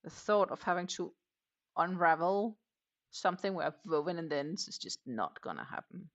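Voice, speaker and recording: Speaking at normal speed in an animated, fairly low-pitched voice, a crochet livestream host chats casually and in a rambling way, answering viewers' comments as she crochets. The recording has its highs cut off.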